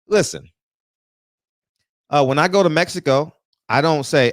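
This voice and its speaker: A man's voice: fairly high pitch, animated, slow, long pauses, a bit bright, no room sound. Profane livestream host man, dry sound. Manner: loose, profane, greets viewers by name. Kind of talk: casual chat.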